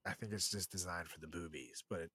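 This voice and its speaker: A young man co-hosting a podcast, chatting casually and crudely, laughing often and swearing as his voice swings from loud to soft. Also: sits low, fast talker, breathy edge, no echo. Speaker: podcast co-host.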